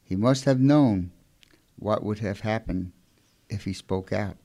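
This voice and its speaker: A man with a Brooklyn accent, co-hosting a casual faith talk, halting with many fillers and affectionate. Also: on the low side, warm tone. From Brooklyn, New York. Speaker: co-host.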